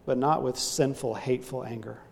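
A man's voice: mid-range voice, steady tone, fairly quick, creaky, a little mellow, in a large hall, slight background noise. A man preaching a sermon, earnestly illustrating his point with a story.

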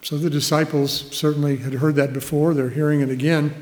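A man's voice: on the high side, flat delivery, fairly quick, a little mellow. Man preaching in a reverberant hall. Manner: expository preaching, reads verses aloud, chuckles often. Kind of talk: sermon.

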